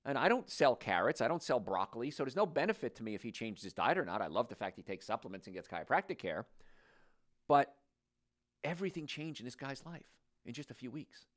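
An older man talks straight to the audience as a health show host. His delivery is folksy and joking, and his pitch swings up and down as he makes his points. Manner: animated, joking, folksy storytelling. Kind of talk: talk-show health monologue.

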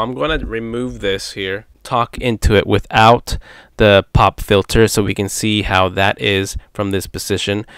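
A man's voice: lowish voice, smooth, no echo, studio quality. A man casually demoing a USB microphone at home, thinking aloud as he tries its settings, with his distance from the mic changing as he goes. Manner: relaxed, chatty, thinks aloud while testing. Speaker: tech reviewer. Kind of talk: casual product demo. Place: indoor home setup. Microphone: USB condenser mic under test, distance varies.

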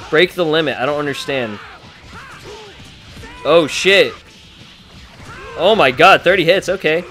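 A young man giving excited, profanity-laced commentary on his playthrough. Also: a little high, measured pace, long pauses. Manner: hyped, swears a lot, frequent exclamations. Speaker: let's play gamer. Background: faint game music.

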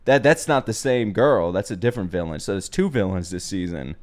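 A young man hosting an anime reaction video, talking casually, swearing freely, breaking into laughs and shouts. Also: low-pitched, expressive, a little fast, slight background noise.

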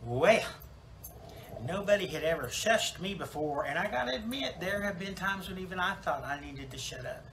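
A man's voice: sits high, animated, moderate pace, a bit bright, slight background noise, low-quality recording. A man voicing a chatty, self-absorbed woman salon owner newly dead in heaven, rambling with fillers and restarts in a comic church monologue. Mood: wry rambling. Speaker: preacher in character.

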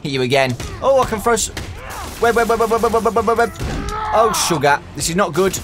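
High-voiced excitable young gamer. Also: male voice, fairly quick. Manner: excitable, loud exclamations, giggly, talks to viewers as "boys". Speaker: gaming YouTuber. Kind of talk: excitable let's-play commentary. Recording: game music behind.

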